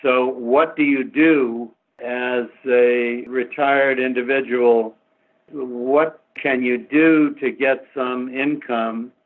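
A man from the United States, an economist guest answering interview questions in a measured way, pausing often on fillers. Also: medium pitch, fairly even intonation. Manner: measured, with frequent filler pauses. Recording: tinny phone-like line.

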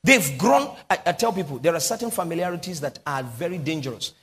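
A pastor with a Nigerian English accent preaching a sermon, drilling key phrases through call-and-response with the congregation and breaking into prophetic prayer. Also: male voice, a little high, animated, fairly quick, a bit bright. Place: large church hall. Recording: long hall reverb.

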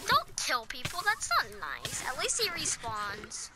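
A woman playing and role-playing a block-building game, excitable and playful. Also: high voice, measured pace. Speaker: game player. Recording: loud game noise behind.

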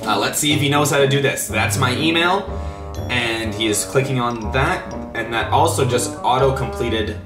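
A young man giving live, excitable reaction commentary as a vlogger, panicking and laughing at what he watches. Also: mid-range voice, normal speed, reverberant, music in the background. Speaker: YouTuber.

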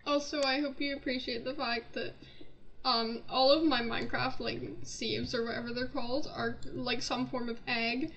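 A woman's voice: fairly high pitch, flat delivery, moderate pace, fairly bright tone, highs cut off, a little hiss or hum. A young woman giving casual gameplay commentary, flustered, laughing and easily panicked. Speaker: gaming channel host.

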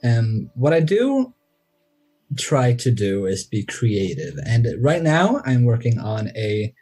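A man's voice: medium pitch, big pitch swings, slow pace, dark tone, breathy edge, faint music behind. A man, a podcast guest who talks modestly and self-deprecatingly, with nervous laughs. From Sweden. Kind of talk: casual interview chat.

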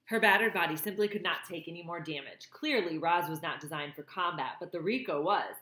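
A woman's voice: lowish voice, pushed and bright. Woman reading a novel aloud, roomy sound. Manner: pauses to comment on the plot. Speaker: reader.

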